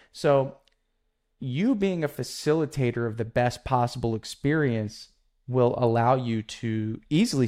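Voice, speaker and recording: A young adult man hosting a solo podcast, telling a sales story in a lively, casual way and acting out quick bits of dialogue. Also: medium pitch. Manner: animated, acts out customer dialogue in quick quotes. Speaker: podcast host, painting contractor.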